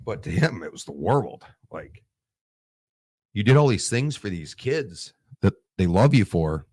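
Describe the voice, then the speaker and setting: A man's voice: fairly low pitch, big pitch swings, measured pace, a little mellow, slightly rough, no room sound, clean studio sound. A veteran man in his forties, telling war stories in a casual interview, emotional and tearing up, swearing and restarting his sentences. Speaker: Marine veteran guest.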